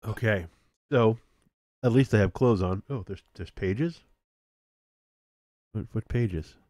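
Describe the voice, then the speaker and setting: A man talks through his game stream in a loose, self-mocking way, often laughing at his own mistakes. His voice sits a little low and he takes his time. The sound is dry and close. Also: slow, darkish tone, no echo. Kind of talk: casual gameplay commentary.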